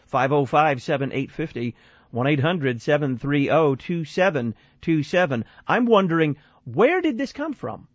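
Radio talk host guy, lively up-and-down voice, kinda high, dry dull studio sound. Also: normal speed, dry recording. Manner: animated, questioning, repeats phone number. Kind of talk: call-in radio commentary.

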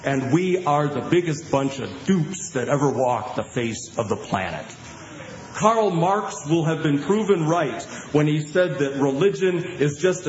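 A man preaching a sermon, emphatic and insistent, with vivid images. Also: fairly high pitch. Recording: muffled sermon clip in a roomy hall with faint noise.

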